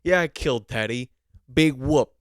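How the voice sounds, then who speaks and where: A man mimicking a dim, callous male police officer in a loud, dismissive, mocking drawl. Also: medium pitch, moderate pace, no room sound, studio quality, natural voice. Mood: scoffing. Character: dim, callous male cop, shrugging off a shooting.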